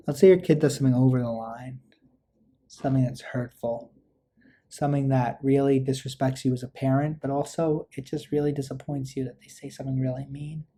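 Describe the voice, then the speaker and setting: A man's voice: medium pitch, dark tone, slight background noise. A man casually teaching a parenting skills workshop, acting out short parent lines as examples. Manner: conversational, acts out parent lines with small asides. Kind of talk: relaxed instructional talk.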